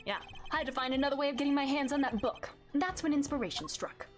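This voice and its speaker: A woman's voice: sits high, quick pace, natural voice. A woman voicing a smug older chef culprit. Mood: dismissive. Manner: gloating, then bitter and defensive. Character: scheming older male dessert chef, smug. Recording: game music behind the voice.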